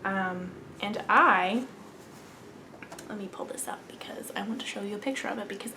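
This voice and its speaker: A young woman gushes over yarn while hosting a casual knitting show-and-tell, occasionally lowering her voice to a whisper. Her mid-range voice is pushed and bright at normal speed. The recording carries a little hiss or hum.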